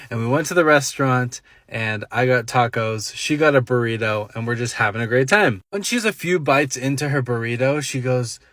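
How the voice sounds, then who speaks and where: A man's voice: mid-range voice, a bit bright, no echo. A young man telling a comic dating story, playful and mock-dramatic in his quotes.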